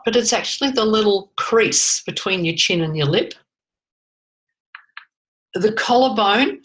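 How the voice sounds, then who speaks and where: A woman coaching a webinar, calmly guiding listeners through tapping points and slowly saying short phrases for them to repeat. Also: medium pitch, rough recording.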